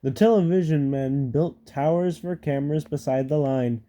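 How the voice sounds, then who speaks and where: A man's voice: a little high, moderate pace, mellow. A man reading a children's storybook aloud, casual, with joking asides and small stumbles. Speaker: storybook reader.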